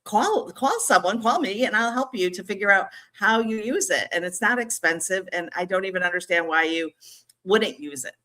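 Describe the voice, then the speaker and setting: A woman's voice: mid-range voice, animated, bright, forceful tone. A middle-aged woman speaking as a podcast guest, chatting enthusiastically and promotionally. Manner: enthusiastic, quick to laugh, promotional. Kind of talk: casual interview chat.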